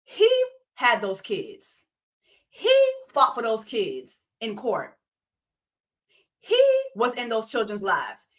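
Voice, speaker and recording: Animated high bright-voiced woman host. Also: takes it slowly, pauses often. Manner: animated, profane, incredulous rants. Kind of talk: casual reality-TV commentary livestream.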